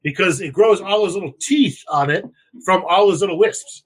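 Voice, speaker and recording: A young man chatting casually on a podcast, rambling through crude slang and lively outbursts. His voice sits a little higher than most men's. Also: normal speed, poor audio. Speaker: podcast co-host. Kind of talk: casual chat.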